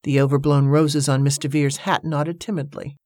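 A woman narrating a novel in a steady storytelling manner. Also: low voice, normal speed, no room sound, studio quality. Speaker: audiobook narrator. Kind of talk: scripted narration.

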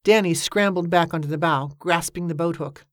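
A woman with a lowish voice narrates an audiobook in a steady, measured storytelling manner. The studio recording is clean, with no room sound.

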